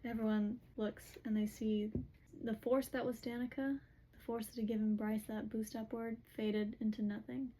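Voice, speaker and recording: A woman's voice: a little high, little pitch movement, normal speed, dark tone, rough recording. A woman casually recapping a book's plot, chatty and filled with "like"s as she retells what the characters say. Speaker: book recap host.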